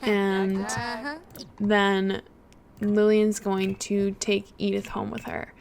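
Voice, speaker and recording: A woman narrating a life-simulation game in a soft-spoken ASMR style, chatty and full of fillers. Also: mid-range voice, completely flat delivery, slow pace, gravelly. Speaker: gaming channel host. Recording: loud game audio underneath.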